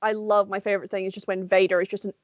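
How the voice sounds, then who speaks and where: A woman's voice: medium pitch, flat delivery, racing, lo-fi sound, a crowd in the background. A woman co-hosting a casual podcast chat, talking with enthusiasm and casual swearing. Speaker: podcast co-host.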